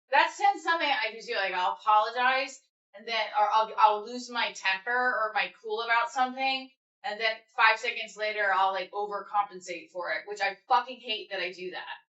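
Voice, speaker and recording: Woman host, bright voice, candid, swears a lot, echoey slightly dull room sound. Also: a little high, normal speed. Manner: candid and rambling, swears freely. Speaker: livestream host. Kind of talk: casual chat with live viewers.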